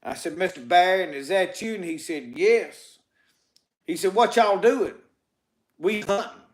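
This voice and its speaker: A man's voice: high voice, unhurried, echoey room. A man with a Mississippi Southern accent telling folk tales in a rambling, folksy way, strung together with "he said.". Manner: rambling, folksy delivery with repeated "said" and "he said". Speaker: storyteller. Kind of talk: Southern folk tall tales told to a live audience.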